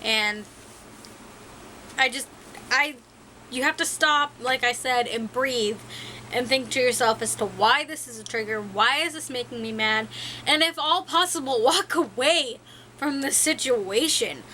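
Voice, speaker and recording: A woman's voice: sits high, unhurried, pushed and bright, a little hiss or hum, low-quality recording. A young woman talking frankly to the camera in a rambling, self-mocking way. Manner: rambling, frank, laughs at herself. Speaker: vlogger. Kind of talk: casual talk to camera.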